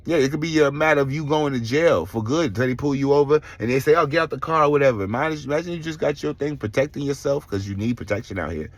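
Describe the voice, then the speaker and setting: A middle-aged man, telling his own story in a casual vlog, animated and swearing, acting out other people's voices. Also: mid-range voice, fast talker, few pauses, dry recording. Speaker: vlogger.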